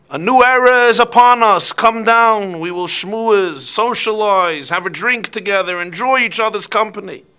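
A man doing a sly smooth-talking fox. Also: fairly high pitch, bright, forceful tone. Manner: coaxing, persuasive.

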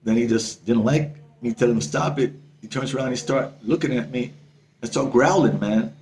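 A male travel vlogger telling a story to camera in a casual, excitable way, swearing freely and repeating himself. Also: mid-range voice, normal speed, slight background noise.

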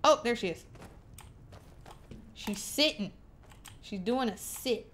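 A woman's voice: fairly high pitch, animated, takes it slowly, fairly bright tone, slight background noise. A young woman streaming a game, chatting playfully to herself and to the game characters. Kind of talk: casual gameplay commentary.

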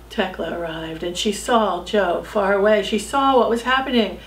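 A woman telling a missionary story to children, with dramatic shifts from loud calls to soft whispers. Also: medium pitch, lively intonation, normal speed, roomy sound, rough recording. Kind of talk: storytelling narration.

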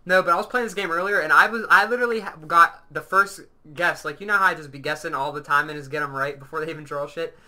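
Man, gaming channel host, rapid-fire crude rambling chat, sharp bright tone, slightly high. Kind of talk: casual gameplay commentary.

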